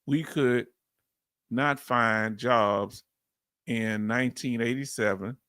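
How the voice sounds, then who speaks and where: A man's voice: medium pitch, slow, smooth, dry recording, clean studio sound. A man in his fifties with a Southern US accent, hosting a casual livestream and reading viewer comments aloud. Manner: chatty, reads chat aloud, bursts of laughing excitement. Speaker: veteran livestream host.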